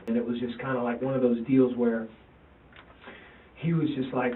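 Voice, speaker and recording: A man's voice: mid-range voice, fairly even intonation, slight background noise. Distressed father, stammers and repeats himself, taped in an interview room, tinny and far off. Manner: halting, repeats himself, quotes his sons. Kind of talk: police interview recording. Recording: tinny, roomy, distant interview-room recording.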